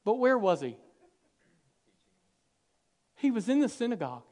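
A man preaching a sermon, swinging from hushed, intimate lines to loud, animated bursts, acting out quoted dialogue with humor. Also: very high-pitched, a little slow.

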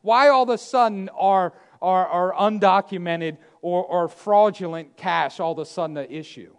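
A man preaching a sermon, emphatic and repetitive, swinging between loud declarations and hushed asides. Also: high-pitched, normal speed, smooth.

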